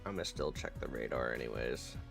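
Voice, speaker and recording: A male livestreamer chatting casually with his viewers in a relaxed, rambling way, with many fillers. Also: rumbling low, fairly quick, creaky, over music.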